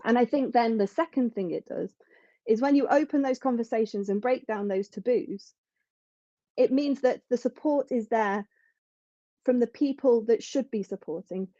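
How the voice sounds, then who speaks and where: A woman's voice: on the high side, moderate pace, dark tone, no room sound, muffled recording. A woman speaking as a podcast guest in an earnest, reflective way, often restarting her sentences. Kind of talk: conversational interview.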